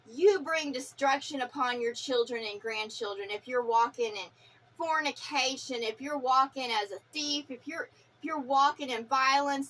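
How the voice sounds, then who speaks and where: High-voiced woman in a profane spiritual rant. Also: bright, forceful tone. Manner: fiery, profane, preachy and defiant. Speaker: vlogger.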